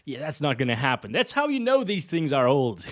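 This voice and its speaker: Lively high-voiced man reviewing hardware. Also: fairly quick, no room sound. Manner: upbeat, chatty, laughs often, drops to mumbled asides. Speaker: tech reviewer host. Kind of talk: casual hardware review commentary.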